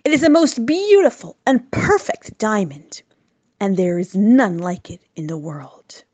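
A woman reading the part of a proud, quick-tempered male governor in a spoken story, with a grand, commanding manner. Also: medium pitch, big pitch swings, a little mellow.

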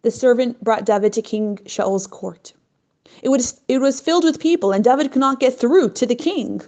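A woman narrating a story in an expressive, unhurried way. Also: a little high. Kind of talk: scripted narration.

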